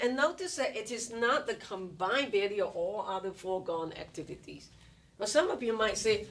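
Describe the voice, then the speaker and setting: A woman with a fairly low voice explains economic terms in a recorded lecture, asking rhetorical questions and acting out what students might say. She sounds set back from the microphone. A faint room hum sits behind her. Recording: distant mic with faint room ambience.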